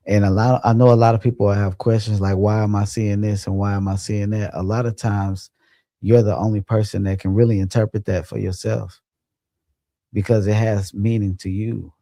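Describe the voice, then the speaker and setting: A young man hosts a late-night livestream and talks in a relaxed, rambling way. His voice is deep and gravelly, very dark and mellow, and it sounds dry and close with no room echo. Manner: laid-back, rambling, laughs often. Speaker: livestream host. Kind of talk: casual livestream chat, reading comments.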